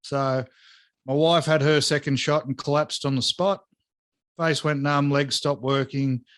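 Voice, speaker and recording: A man co-hosting a podcast in casual chat, telling a story in an animated, profane way and acting out the dialogue. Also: a little high, unhurried. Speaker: podcast co-host.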